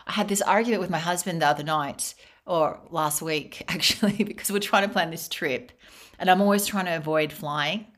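A young adult woman hosts a podcast in a casual interview chat, telling a story with restarts and laughing often. Her voice is fairly low-pitched and fairly bright, at a normal speed.

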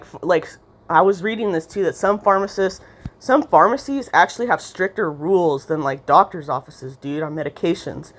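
A young woman ranting casually about a pharmacy visit, swearing constantly and rambling, with sarcastic asides and mocking impressions. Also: on the low side.

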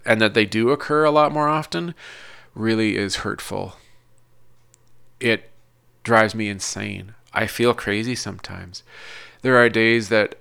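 Man, gravelly with a bright edge, hesitant confessional vlog. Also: lowish voice. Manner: hesitant, halting, searching for words. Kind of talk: personal confessional monologue.

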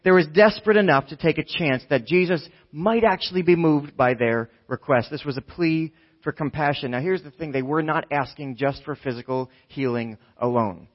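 A man preaching in a relaxed, conversational way, often tossing in "right?" as he talks. His voice sits a little high and runs from hushed to near shouting. The recording sounds somewhat dull and lo-fi. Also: moderate pace, hardly any pauses. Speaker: pastor. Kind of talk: conversational sermon.

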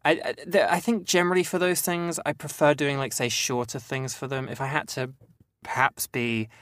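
A man's voice: mid-range voice, steady tone, normal speed, fairly bright tone, no echo, clean studio sound. A young English man with a Southern English accent who works as a voice actor, chatting casually in an interview with frequent fillers and restarts. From England. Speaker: voice actor guest.

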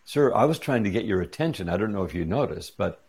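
A man's voice: lowish voice, quick pace, gravelly, slightly rough. A middle-aged man, an interview guest, telling a personal story in casual chat and acting out the dialogue as he goes. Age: 40s or 50s. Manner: animated retelling with quoted dialogue.

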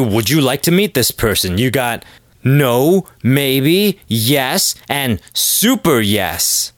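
A man talking alone into the mic in a crude, joking monologue. His voice sits at a middle pitch and he bursts into loud, high exclamations. The sound is dry and close, with no room echo. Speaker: podcast host. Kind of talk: casual comedic monologue.

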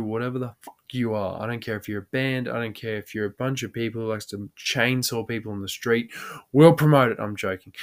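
An Australian man hosts a podcast and tells a yarn casually, laughing often and swearing as he goes. His voice sits in a middle pitch. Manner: laughs often while telling, swears freely. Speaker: podcast host. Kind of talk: casual storytelling.

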